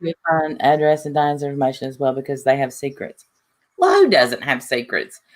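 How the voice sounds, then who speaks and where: A woman's voice: very deep voice, normal speed. A woman hosting a livestream in casual, rambling chat with lots of asides. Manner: chatty, rambling, lively asides. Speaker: livestream host.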